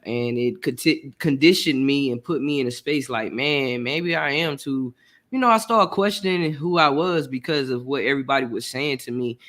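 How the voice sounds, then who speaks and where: Male podcast host, mid pitch, earnest, heartfelt, repeats himself. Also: animated, fairly quick, few pauses, a bit bright. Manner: earnest, heartfelt, repetitive phrasing. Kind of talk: casual chat.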